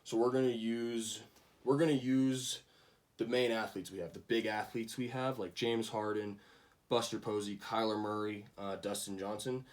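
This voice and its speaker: A man's voice: on the low side, fairly even intonation, moderate pace, recorded from a distance. A young man giving a casual class project presentation, with frequent ums and restarts. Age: young adult. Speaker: student presenter.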